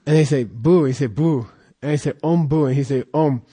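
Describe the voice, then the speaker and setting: Halting, chatty male monk storyteller. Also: mid-range voice, dark tone, breathy edge. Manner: rambling, halting, with fillers and laughs. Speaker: Buddhist monk teacher. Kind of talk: casual storytelling teaching.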